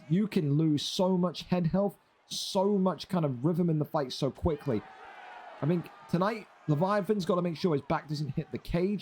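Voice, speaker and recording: A man with a blocked, stuffy nose doing energetic play-by-play commentary on video game fights. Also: on the high side, slight background noise. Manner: energetic play-by-play, rising to shouts on big hits.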